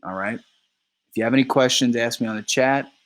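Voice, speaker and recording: A male teacher reading a play aloud for his class and explaining it in a relaxed way. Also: mid-range voice, moderate pace, rough recording. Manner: explains terms between lines, relaxed.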